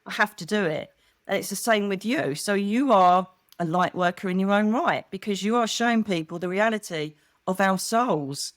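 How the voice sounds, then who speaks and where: A woman's voice: medium pitch, normal speed, no echo, studio quality. A middle-aged English woman and psychic medium, chatting casually as an interview guest and telling stories with acted-out voices. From England. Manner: animated storytelling, acts out quoted voices.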